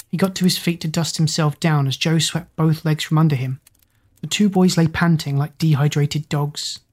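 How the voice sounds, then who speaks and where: Female narrator, low register, steady expressive audiobook read. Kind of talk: storybook narration.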